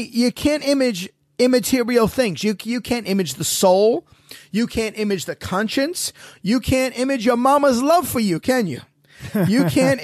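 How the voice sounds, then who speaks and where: A man with a high voice hosts a casual theology podcast. He talks with energy and keeps asking his co-hosts rhetorical questions. The recording is dry and close. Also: dry recording. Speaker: podcast host.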